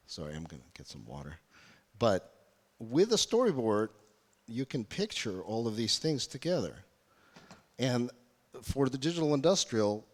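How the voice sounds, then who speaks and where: In a reverberant conference hall, a man with a lowish, darkish voice gives a UX workshop talk to a live audience in a conference room, drawing them in with questions.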